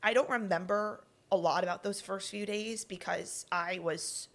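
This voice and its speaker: A woman's voice: mid-range voice, normal speed. Young woman telling a personal story. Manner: animated, acts out quoted lines. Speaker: podcast co-host. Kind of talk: casual storytelling.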